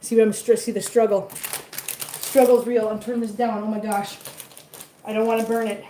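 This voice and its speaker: A woman's voice: a little high, flat delivery, normal speed, dark tone, recorded from a distance, a little hiss or hum. A woman vlogging as she cooks in her home kitchen, talking chattily to her viewers and cats and sounding a bit flustered. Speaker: cooking vlogger. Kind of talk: casual cooking chat to viewers. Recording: echoey kitchen, voice off-mic.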